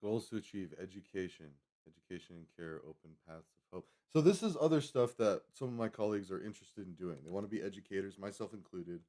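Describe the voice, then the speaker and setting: A man's voice: low voice, expressive, fast talker, few pauses, mellow. A man livestreaming, rambling casually as he reads a web page aloud and stumbles over foreign names. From Colorado. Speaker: livestream host.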